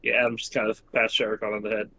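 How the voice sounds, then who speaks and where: A man's voice: lowish voice, completely flat delivery, rapid-fire, pushed and bright. A man playing a tabletop game, talking casually about what his character does. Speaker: player.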